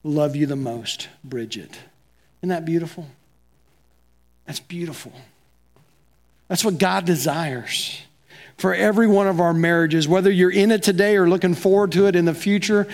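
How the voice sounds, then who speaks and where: A man's voice: sits high, moderate pace, pauses often. A man preaching a sermon as pastor, talking conversationally and acting out both sides of quoted dialogue.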